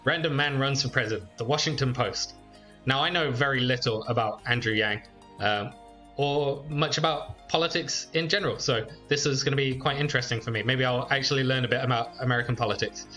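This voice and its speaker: Bright-voiced man commenting on a game. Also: mid-range voice, a little fast, faint music behind. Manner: chatty, relaxed, frequent fillers. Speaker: YouTuber playing a game. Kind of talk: let's play commentary.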